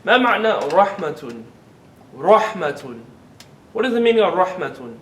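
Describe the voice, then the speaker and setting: A man teaching an Arabic grammar class, asking the students questions, having them repeat words and drawing words out slowly to model them. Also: very animated, a bit bright, distant mic. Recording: echoey classroom recording with faint rumble.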